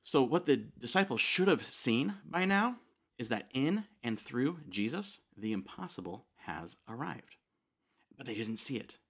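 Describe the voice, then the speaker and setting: A man's voice: mid-range voice, big pitch swings, a little slow, a bit bright, husky. A man preaching a sermon in a casual, conversational way, often asking "right?" and saying "like.". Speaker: pastor.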